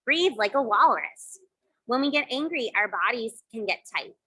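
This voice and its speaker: A woman leading children through yoga poses and breathing games, giving gentle, encouraging instructions with playful sound effects. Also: on the high side, expressive, normal speed, husky, rough recording. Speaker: kids yoga teacher. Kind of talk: guided kids yoga and mindfulness.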